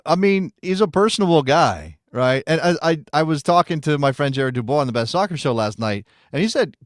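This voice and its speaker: A man's voice: medium pitch, dry recording, clean studio sound. An American man co-hosting a casual soccer talk show, rambling and correcting himself as he talks. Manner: rambling, self-correcting, chatty. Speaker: podcast co-host.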